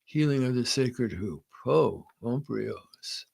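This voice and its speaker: An older man with a middle-pitched voice opens the show by slowly and solemnly giving thanks in prayer. His invocation is measured and reverent. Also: animated, vocal fry, darkish tone, breathy edge. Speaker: podcast host leading an opening prayer. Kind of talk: spoken prayer and casual chat.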